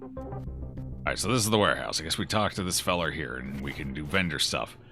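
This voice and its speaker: A man's voice: rumbling low, lively intonation, a little fast, sharp tone, faint music behind. A man giving casual, joking commentary while playing a game and reading its text aloud. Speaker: gaming video host.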